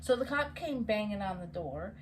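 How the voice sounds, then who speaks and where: A woman co-hosting a casual storytime chat, animated, laughing often and restarting her sentences. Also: medium pitch, moderate pace, noisy background. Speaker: co-host telling a story.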